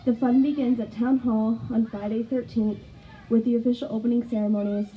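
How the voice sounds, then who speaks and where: A woman's voice: on the high side, little pitch movement, brisk, dull audio, slight background noise. A woman reading out community event announcements on an outdoor stage, stumbling now and then. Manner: reads from notes, stumbles and corrects herself. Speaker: community calendar reader.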